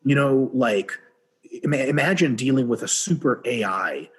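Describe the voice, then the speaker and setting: A man talking as a guest on a podcast in casual conversation, profane and animated, often acting out little dialogues. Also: medium pitch, breathy edge. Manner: profane, animated, acts out dialogue in quick voices.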